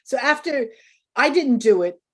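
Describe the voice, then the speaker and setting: A woman's voice: high-pitched, lively intonation, normal speed, a bit bright. An older woman, a guest in an interview, telling stories animatedly, acting out quotes and laughing often. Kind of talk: casual storytelling interview.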